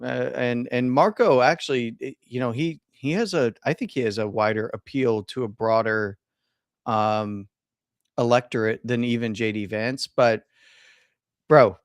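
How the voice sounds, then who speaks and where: An opinionated man co-hosting a casual live stream, stumbling and restarting as he works toward his point. His pitch sits in an ordinary middle range. The sound is dry and close, with no room echo. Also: measured pace, clean tone. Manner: opinionated, stammers and restarts, laughs easily.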